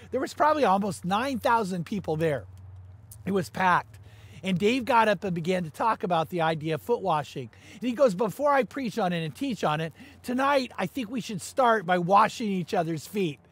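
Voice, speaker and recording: A man preaching a sermon as pastor, animated and quick to raise his voice for emphasis. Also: fairly high pitch.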